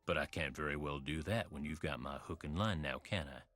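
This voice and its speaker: Gruff, husky old fisherman. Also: brisk, fairly bright tone. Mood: grumbling. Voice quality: very deep and husky. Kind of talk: video game dialogue.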